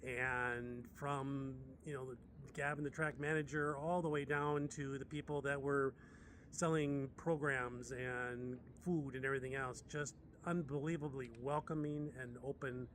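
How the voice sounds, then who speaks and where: American man, 60s, medic, chatty animated storyteller, middle pitch, faint background noise. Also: a little slow. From United States. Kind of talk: casual storytelling.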